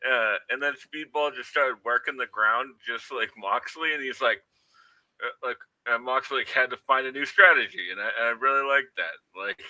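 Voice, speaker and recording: A man's voice: medium pitch, bright, forceful tone, no echo, rough recording. A man co-hosting a casual wrestling podcast over a remote stream. He speaks hesitantly, with many "uh"s and "like"s. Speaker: podcast co-host. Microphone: remote stream mic.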